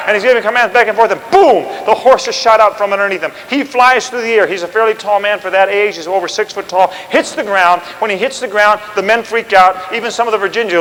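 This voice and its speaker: A man telling history as an oral story, animated and chatty, with asides and restarts. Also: sits high, fast talker, hardly any pauses, big-room sound, low-quality recording.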